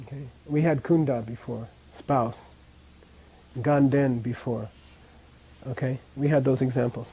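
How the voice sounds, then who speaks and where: A man teaching a language class, drilling pronunciation by repeating sounds and checking in with the students, his voice often dropping quiet at the ends of phrases. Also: mid-range voice, steady tone, a little slow, slightly rough, poor audio.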